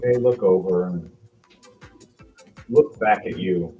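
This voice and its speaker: A man narrating as game master in a relaxed, conversational way, with quick asides to the players. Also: deep voice, narrow, tinny audio, soft background music.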